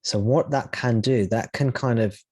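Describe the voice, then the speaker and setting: A man's voice: medium pitch, moderate pace, a little mellow, slightly rough, dry recording. A man teaching at a live satsang, speaking reflectively and thinking aloud, with frequent restarts as he searches for words. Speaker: spiritual teacher.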